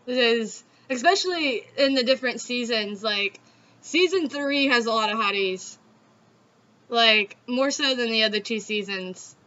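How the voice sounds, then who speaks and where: Bright-voiced Southern woman, chatty and giggly. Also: fairly high pitch, animated, unhurried, slight background noise. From Southeastern United States. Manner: chatty, giggly, swears freely. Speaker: host. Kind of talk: casual chat. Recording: dull lo-fi sound.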